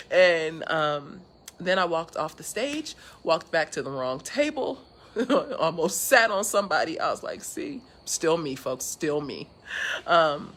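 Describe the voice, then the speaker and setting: A woman from California sits on her outdoor porch for a casual live chat, speaking earnestly to an online audience with many fillers and restarts. Her voice is deep with a fairly bright tone. A little hiss or hum can be heard.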